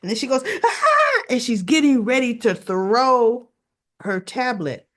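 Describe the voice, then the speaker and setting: A woman hosting a soap opera recap, retelling the episode in a casual chat and acting out the characters' lines in a higher voice. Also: a little slow. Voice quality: acts out characters' lines in a higher voice, chatty and animated.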